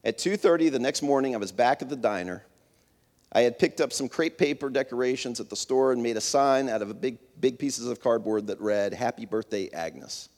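A man's voice: mid-range voice, a little fast, a little mellow, long reverb tail. A man reading a story aloud to an audience, telling it in an earnest storytelling manner. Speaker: speaker.

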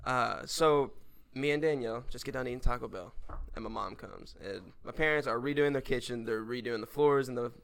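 A young man, a podcast guest, telling a story in casual chat, animated and swearing, laughing as he goes. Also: medium pitch, brisk, creaky. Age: young adult.

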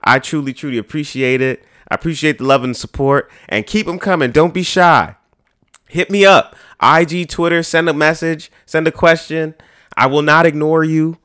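A man's voice: a little high, steady tone, moderate pace, fairly bright tone, clear, resonant tone. A man, hosting a podcast in a slangy, profane, rambling way. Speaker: podcast host. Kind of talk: casual podcast chat.

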